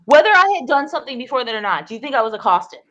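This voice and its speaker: Argumentative woman with a high voice that leaps up and down as she rants. She swears freely and cuts others off with shouted commands, holding the floor in a heated livestream debate. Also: sing-song, rapid-fire, dull audio. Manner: combative, profane, shouting people down.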